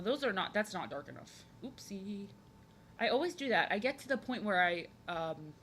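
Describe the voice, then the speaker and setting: A young woman chatting while drawing on a live stream. She talks in an overexcited, chatty way, often repeats herself, and has a youthful voice that people say sounds like an excited little boy. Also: medium pitch, normal speed. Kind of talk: casual chat while drawing.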